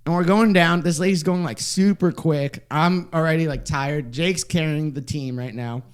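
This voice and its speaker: A young man chatting casually on a podcast, telling an animated story and jumping into high voices to quote people. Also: moderate pace, smooth. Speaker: podcast guest.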